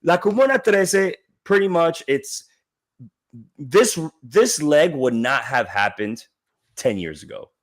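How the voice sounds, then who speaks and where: A man's voice: a little high, expressive, slow. A man in his thirties co-hosting a casual podcast, talking loosely with fillers and frequent laughs. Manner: loose, rambling, laughs often, many fillers. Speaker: podcast co-host. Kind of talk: casual recap chat.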